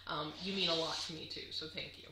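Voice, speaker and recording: A woman's voice: low voice, steady tone, quick pace, reverberant, noisy background. A woman chatting casually to camera on her crafting vlog, gushing and chatty with lots of fillers. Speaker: crafting vlogger.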